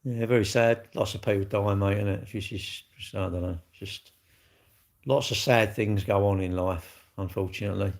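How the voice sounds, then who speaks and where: A man's voice: lowish voice, steady tone, moderate pace, creaky. A man, rambling casually on a live stream as he answers viewer comments and keeps tacking tag questions onto his sentences. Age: 60s. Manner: rambling, chatty, ends lines with tag questions.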